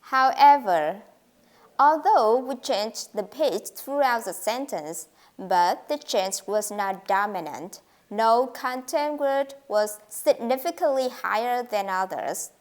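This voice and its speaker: Slow, careful woman teaching pronunciation. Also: a little high, expressive. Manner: slow, careful, demonstrates intonation by example. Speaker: English teacher. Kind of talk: English pronunciation lesson.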